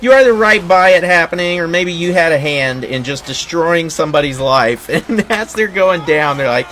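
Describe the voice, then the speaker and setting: A man's voice: a little high, animated, moderate pace, fairly bright tone, slight background noise. A young man hosting a gaming video, giving casual gameplay commentary, laughing constantly and swearing as he rambles jokes. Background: game music and battle sounds.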